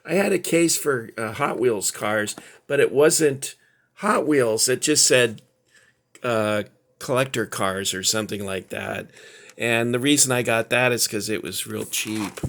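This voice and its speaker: Middle-aged male collector host, unhurried, rambling casual chat full of ums. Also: mid-range voice, creaky, a bit bright. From Southern California. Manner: rambling, halting, many fillers. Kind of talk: casual show-and-tell chat.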